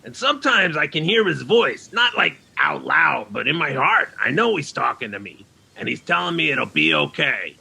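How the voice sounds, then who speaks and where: In full character voice, a man becomes Frank, the cheerful island castaway who's lonely and talks to kids like buddies, saying "yous," for a kids' ministry skit. Gravelly yet bright and rough, the voice is a little high and very animated, moving at normal speed with hardly any pauses.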